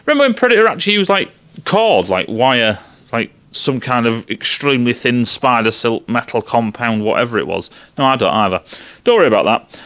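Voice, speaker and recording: A man's voice: medium pitch, big pitch swings, brisk, fairly bright tone. A man ranting sarcastically and profanely in a casual film review.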